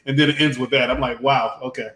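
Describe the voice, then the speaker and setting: A man's voice: mid-range voice, level tone, very fast, over a noisy crowd. A man hosting a casual movie-review podcast, introducing segments in an emcee-like way. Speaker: podcast host leading segments. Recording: roomy echo.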